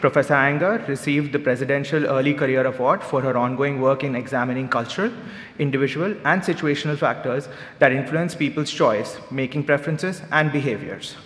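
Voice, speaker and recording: A man's voice: mid-range voice, a little fast, fairly bright tone. A man moderating an event, formally reading out an introduction. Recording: echoey hall, faint noise.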